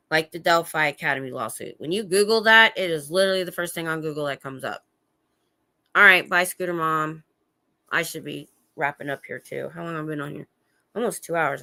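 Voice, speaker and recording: A woman's voice: low voice, bright, forceful tone. A middle-aged woman hosting a rambling, casual livestream from home. She chats, often trails off and restarts, and answers viewers' comments as she goes. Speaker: livestream host. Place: at home indoors.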